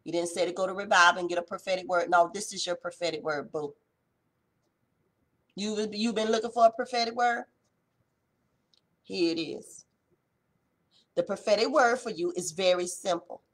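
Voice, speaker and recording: Husky-voiced woman preaching with passion. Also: on the low side, normal speed, long pauses. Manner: passionate, swings between loud exhortation and hushed intensity; colloquial, uses folksy address. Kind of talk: impassioned devotional preaching.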